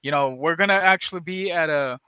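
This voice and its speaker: A man hosts a casual podcast, trading loose, profane stories and laughing as he goes. His voice sits high and bright, smooth and crisp, recorded close and dry with no room around it. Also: brisk, dry recording. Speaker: podcast host. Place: San Antonio area.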